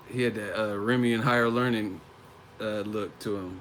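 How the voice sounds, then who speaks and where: A man's voice: lowish voice, steady tone, measured pace, fairly bright tone, a little hiss or hum. A man on a casual live stream, talking about boxing, often laughing and swearing as he mocks the fighters. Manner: laughs often, profane, mocking impressions.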